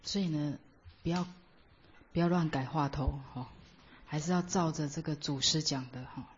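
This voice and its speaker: A woman teaching Buddhist meditation, explaining each point with examples in a measured way. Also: low voice, a little hiss or hum. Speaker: dharma teacher. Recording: dull lo-fi recording.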